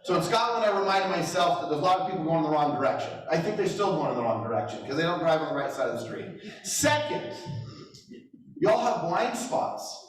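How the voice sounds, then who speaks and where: A man's voice: fairly high pitch, very animated, a little fast, soft background music. A middle-aged man giving a motivational talk as a real estate trainer, telling stories with self-deprecating humor and chuckles. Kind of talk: motivational storytelling speech. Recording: echoey hall, distant mic.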